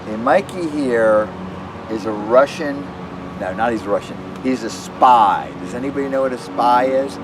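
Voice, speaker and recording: A man running a casual magic tutorial, rambling and animated, often restarting his sentences. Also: mid-range voice, normal speed. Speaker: magician demonstrating tricks. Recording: distant mic with clear background noise.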